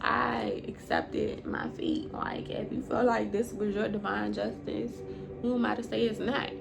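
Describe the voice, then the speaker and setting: A woman's voice: mid-range voice, very animated, a little slow, gravelly. A woman telling a personal story in a storytime vlog, blunt and profane, emotional, breaking into laughs now and then.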